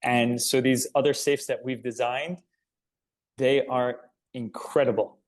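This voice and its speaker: A man's voice: medium pitch, steady tone, unhurried. A company founder and interview guest talking casually and earnestly about his product and business.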